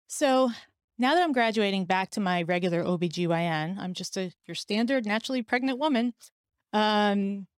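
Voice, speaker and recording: A woman shares a painful personal story on her own podcast. She speaks candidly and with feeling, and slips into the voices of the people she quotes. Her voice sits at a medium pitch and sounds dry and close, with no room echo. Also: smooth. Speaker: podcast host.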